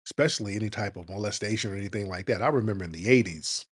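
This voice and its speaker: A man's voice: on the low side, very fast, breathy edge. A man in his fifties hosting a talk show, speaking bluntly and emphatically. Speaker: host. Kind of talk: talk radio commentary.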